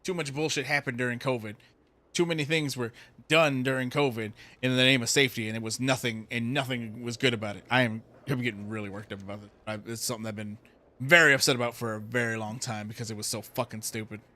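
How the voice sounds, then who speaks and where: A man's voice: mid-range voice, fairly even intonation, quick pace, pushed and bright. A man streaming a game, ranting heatedly with lots of swearing. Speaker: gaming streamer. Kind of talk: ranting commentary while playing a game.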